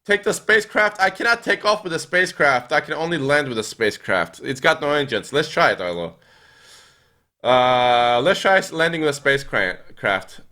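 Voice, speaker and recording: A young man streaming a flight game, chatting with viewers and thinking aloud with lots of fillers, now and then breaking into excited yells. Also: on the high side, normal speed. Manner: reads and answers viewer chat while playing. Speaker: gaming streamer. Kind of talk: live gameplay commentary.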